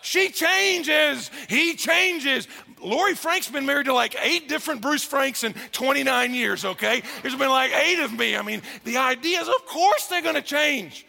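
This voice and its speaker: Man, middle-aged pastor, high voice, gravelly edge, long hall reverb. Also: normal speed. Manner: animated, acts out quoted voices. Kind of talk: sermon.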